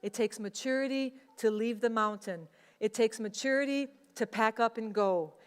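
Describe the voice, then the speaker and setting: A woman's voice: a little high, moderate pace, clear, resonant tone. Woman pastor preaching in a reverberant hall. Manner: conversational, acts out quoted voices. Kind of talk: sermon.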